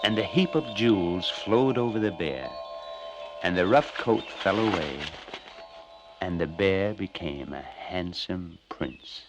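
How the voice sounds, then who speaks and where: A man narrating fairy tales in an animated, expressive storytelling manner. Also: low-pitched, slow pace, faint music behind, low-quality recording. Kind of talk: scripted fairy-tale narration.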